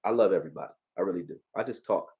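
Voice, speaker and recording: A man from Philadelphia with a Philly accent, hosting a live football stream, profane and animated, talking back to his chat. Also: low-pitched, rapid-fire, lo-fi sound. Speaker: sports streamer.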